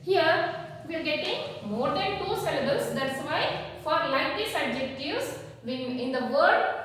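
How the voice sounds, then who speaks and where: High-voiced woman teacher in echoey hall. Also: expressive, a little slow, a bit bright. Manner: repeats points and quizzes the children. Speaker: school teacher. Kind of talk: classroom grammar lesson. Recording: echoey hall, distant mic, faint noise.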